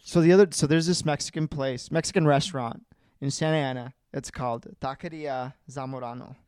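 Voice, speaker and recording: A man's voice: medium pitch, brisk, darkish tone, clean tone, dry recording, clean studio sound. A young man in casual chat, telling a story with lots of swearing and acting out both sides of a conversation.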